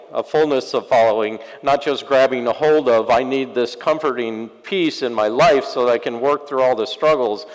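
Male pastor, sermon, dramatic swings from loud to hushed, wry sarcasm, mid-pitched voice, long church reverb.

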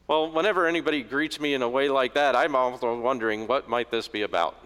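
A man's voice: mid-range voice, quick pace, fairly bright tone, clean tone. A middle-aged man preaching a sermon in a joking, conversational way, in a church. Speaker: pastor. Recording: echoey church reverb.

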